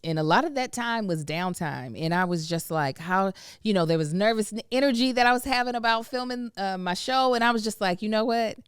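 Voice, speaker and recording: Chatty woman host, smooth dry voice. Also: mid-range voice, no room sound. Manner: chatty, playful asides. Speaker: podcast host. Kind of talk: casual ad reads and chat.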